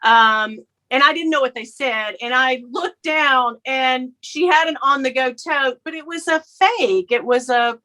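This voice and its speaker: A woman from the United States, co-hosting a casual video-call chat and telling a story with lively, acted-out quotes. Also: sits high, unhurried. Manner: animated storytelling, acting out quoted voices. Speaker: co-host.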